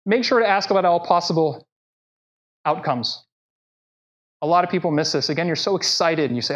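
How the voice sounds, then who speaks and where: Energetic male presenter, lo-fi live talk. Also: fairly high pitch, brisk. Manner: conversational, energetic, addresses audience directly. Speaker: speaker at a live professional talk. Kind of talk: conference presentation. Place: presentation room. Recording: dull lo-fi live talk recording.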